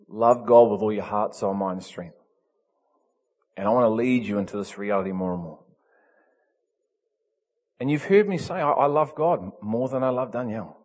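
Animated New preacher man. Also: mid-range voice, big-room sound. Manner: animated, emphatic, swings from loud to soft. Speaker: pastor. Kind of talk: storytelling sermon.

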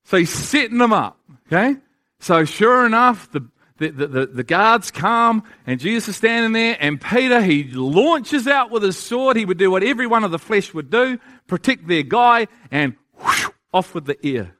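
A man's voice: high-pitched, big pitch swings, moderate pace, bright, forceful tone. A man preaching a sermon, emphatic and full of rhetorical questions to his listeners.

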